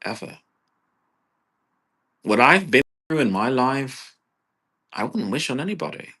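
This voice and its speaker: A man vlogging a profane, exasperated personal rant that swings between low mutters and loud bursts. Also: sing-song, measured pace, husky.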